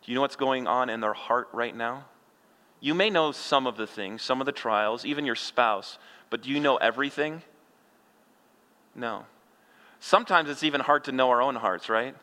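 Bright-voiced middle-aged pastor preaching. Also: male voice, mid-range voice, normal speed. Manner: conversational preaching, rhetorical questions, folksy humor. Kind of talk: expository sermon. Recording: long hall reverb.

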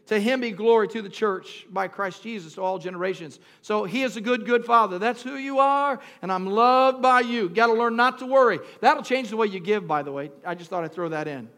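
A male pastor preaching a sermon, talking straight to the congregation, calling for responses and moving between quiet storytelling and shouted preaching. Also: high-pitched, a little fast, hardly any pauses. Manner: talks directly to the congregation, asks for responses.

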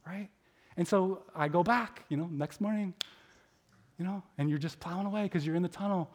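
High-voiced chatty male preacher. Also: normal speed. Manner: chatty, self-deprecating, many filler likes; animated storytelling with acted inner voices. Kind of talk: conversational sermon.

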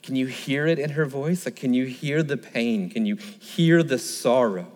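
Male pastor delivering an emphatic, questioning sermon at a medium pitch, with reverb from a large hall. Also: unhurried, hardly any pauses, a little mellow. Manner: emphatic, repetitive, asks the listeners rhetorical questions.

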